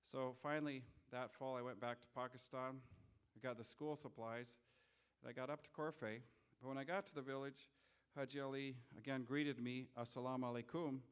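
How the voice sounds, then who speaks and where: A middle-aged man speaking as a guest lecturer, telling stories in an earnest, unhurried way with frequent restarts. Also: mid-range voice, steady tone, clean tone. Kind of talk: public lecture with storytelling. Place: lecture hall.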